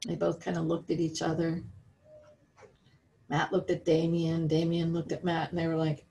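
A woman's voice: lowish voice, expressive, normal speed, darkish tone, rough recording. A woman with an American accent teaching a children's religion lesson, reading a story aloud and asking the listeners questions about it.

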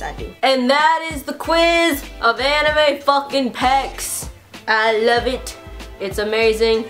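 High-voiced, foul-mouthed woman vlogger. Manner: excitable and profane, swearing constantly; playful, quick swings between mock outrage and giggles. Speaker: YouTuber taking an online quiz. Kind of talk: casual vlog commentary.

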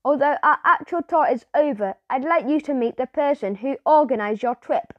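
A woman's voice: high voice, normal speed, dry recording, lo-fi sound, lightly acted. A woman playing a stern, polite tour guide. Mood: formal.

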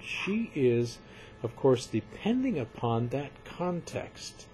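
A man giving a recorded literature lecture, measured and emphatic, often repeating points for his students. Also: medium pitch, dark tone, a little hiss or hum.

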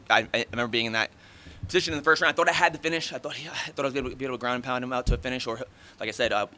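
A man in his thirties fields reporters' questions at a post-fight press conference, his medium-pitched voice pushed and bright over a faint hiss or hum. He's blunt and talkative, swearing freely as he rattles off casual answers at a fast clip.

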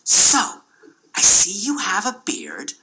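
A man's voice: high-pitched, wildly swooping pitch, takes it slowly, bright, forceful tone, slightly rough, voice pushed up, heavily acted, rough recording. A man voicing a young male airport immigration agent who asks suspicious questions in a breezy, falsely friendly way.

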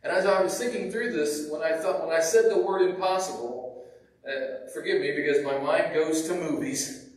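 Higher-voiced preacher, echoey and distant. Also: male voice, moderate pace. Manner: conversational, with restarts and repeated words. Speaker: pastor. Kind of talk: sermon. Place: church sanctuary. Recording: echoey church from far off.

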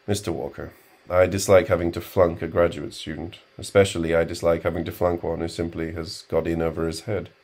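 A man's voice: sits low, brisk, darkish tone. A man voicing a stern middle-aged male professor who speaks in a cold, level, weary way.

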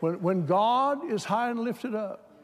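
A man preaching a sermon, moving from plain talk to loud, fervent exhortation. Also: animated, measured pace. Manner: builds from plain talk to shouted, high-pitched fervor. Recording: hall reverb.

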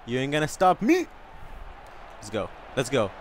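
A man commenting on a video game he is playing. He talks in an excitable way, yells a lot and swears often. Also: mid-range voice, moderate pace, a little hiss or hum. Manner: excitable, yelling and cursing a lot. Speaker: gaming channel host.

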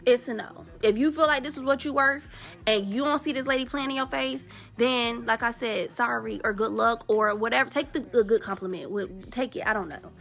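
Blunt, exasperated woman with a gravelly voice. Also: a little high, a little fast, a bit bright. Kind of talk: political commentary rant.

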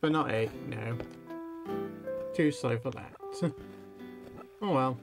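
A man's voice: medium pitch, slow. A man chatting casually over his gameplay into a desk microphone, thinking aloud as he plays, with faint game music. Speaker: let's play gamer.

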